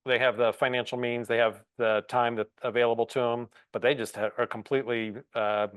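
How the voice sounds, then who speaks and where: A man's voice: medium pitch, clear, resonant tone, dry recording. A man hosting a podcast, talking casually and hesitantly as he searches for his words. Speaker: podcast host. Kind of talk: casual interview talk.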